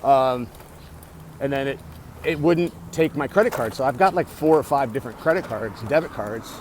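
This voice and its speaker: A man's voice: medium pitch, moderate pace. A man telling a rambling, profane story to his camera during a bike ride in the city, full of restarts and self-talk. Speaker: vlogger. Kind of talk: casual storytelling vlog. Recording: outdoor city noise behind.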